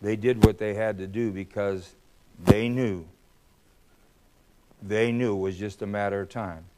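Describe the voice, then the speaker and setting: An older man giving a public speech, telling a story in a blunt, combative way, swinging between loud bursts and low remarks. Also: fairly even intonation, a little slow. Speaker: speaker. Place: hall.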